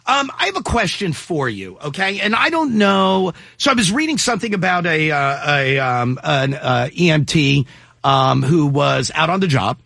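A man hosting a call-in radio show. He has a high, very lively voice with a gravelly, husky edge and a bright, forceful tone, recorded dry and close. He jokes with callers and gropes for words as he talks. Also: moderate pace, dry recording.

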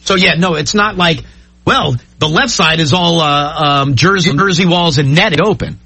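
Husky bright-voiced male radio host. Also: a little high, moderate pace, no room sound. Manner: joking, skeptical, laughs often. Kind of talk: morning radio call-in chat.

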